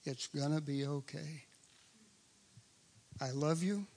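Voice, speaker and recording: A man voicing God as a calm, reassuring presence who speaks in a soft, hushed way. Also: fairly high pitch, takes it slowly. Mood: gentle, reassuring. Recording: long reverb of a large hall.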